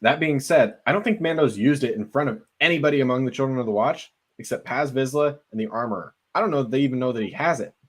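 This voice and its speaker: A man's voice: medium pitch, quick pace, hardly any pauses. A man co-hosting a podcast, earnestly laying out a fan theory at length in casual conversation. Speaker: podcast co-host.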